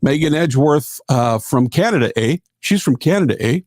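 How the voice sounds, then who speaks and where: A man's voice: fairly high pitch, expressive, a little fast, darkish tone, dry recording. A middle-aged man, hosting a live gospel radio show in a folksy, rambling way with lots of fillers. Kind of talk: casual live-stream chat.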